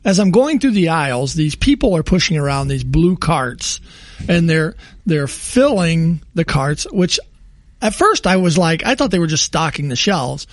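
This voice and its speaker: A man co-hosting a podcast in casual chat, fighting a cold and clearing his throat, griping in a rambling, self-correcting way. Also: on the high side, lively intonation, moderate pace, no echo, clean studio sound. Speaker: podcast co-host.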